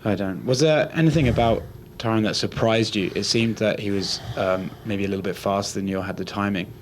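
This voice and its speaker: A man's voice: fairly low pitch, brisk, slight background noise. A man asking a fighter questions at a press conference, polite and a little hesitant. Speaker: reporter.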